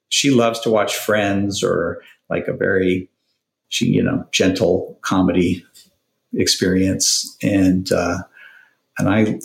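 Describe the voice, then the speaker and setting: Middle-aged male guest, halting relaxed chat, gravelly, echoey room. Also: lowish voice. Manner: relaxed, halting, chuckles often. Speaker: TV writer and producer, guest. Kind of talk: casual interview conversation.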